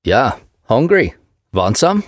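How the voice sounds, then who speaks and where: A man's voice: medium pitch, big pitch swings, slow, no echo, studio quality, voice pushed up. A man voicing a huge, terse Swedish male ex-wrestler turned scientist, with a Swedish accent and clipped, broken-English replies.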